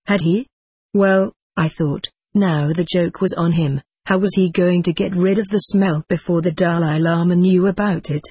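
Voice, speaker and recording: A narrator reading a memoir aloud in a measured, even storytelling manner, voicing the quoted characters within the narration. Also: medium pitch, breathy edge, no room sound. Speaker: audiobook narrator.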